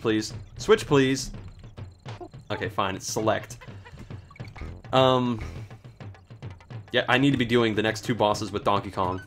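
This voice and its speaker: A man's voice: medium pitch, fairly bright tone. A man giving casual, sarcastic commentary while he plays a video game, joking and swearing at it. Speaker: let's play host.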